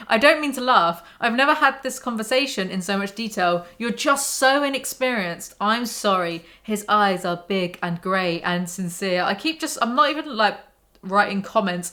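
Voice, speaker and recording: A woman's voice: medium pitch, animated, moderate pace, sharp tone. A woman reading a book aloud and mocking it in sarcastic, exasperated commentary. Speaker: YouTuber.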